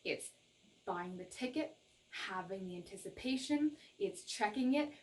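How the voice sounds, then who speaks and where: A young adult woman from Canada giving a casual tarot reading straight to viewers, laughing often and repeating herself in her excitement. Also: medium pitch, measured pace. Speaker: tarot reader.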